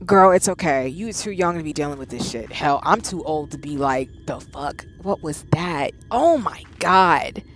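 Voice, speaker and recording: A woman in her thirties streaming a game live, reacting with loud exclamations and chatting with her viewers. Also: low-pitched, expressive, normal speed, few pauses, soft background music. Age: 30s.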